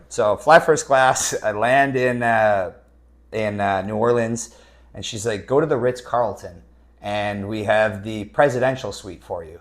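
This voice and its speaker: A man's voice: on the low side, unhurried. A young man from Canada telling a personal story in a loose, casual way, with lots of fillers and swearing, and quoting other people in his own voice.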